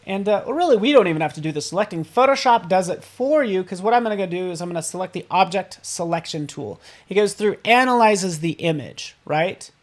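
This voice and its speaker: A man hosting a live software tutorial, upbeat and playful, often checking in with the viewers and tossing in silly sound effects. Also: high voice, expressive, a little fast, few pauses. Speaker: design software instructor.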